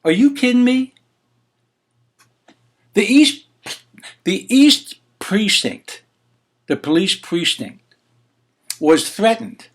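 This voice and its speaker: A man hosting his own opinion show, ranting in an indignant, exasperated way with swearing and rhetorical questions. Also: a little high. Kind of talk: heated opinion commentary.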